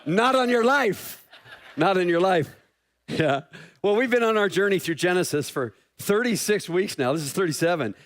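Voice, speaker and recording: A middle-aged man preaching a sermon as pastor, joking and self-deprecating with an animated delivery. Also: high voice, moderate pace.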